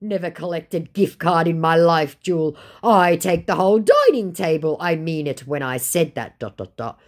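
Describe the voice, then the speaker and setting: A woman voicing a cocky, menacing male online scammer, read out in a slow, drawn-out, mocking way. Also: deep voice, animated. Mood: boastful.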